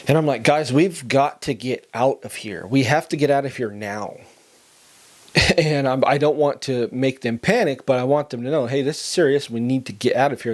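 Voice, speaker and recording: A man's voice: fairly low pitch, a little mellow. A middle-aged man earnestly telling a personal story on a podcast, acting out what people said. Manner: earnest, acts out quoted dialogue. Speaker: podcast host telling his testimony.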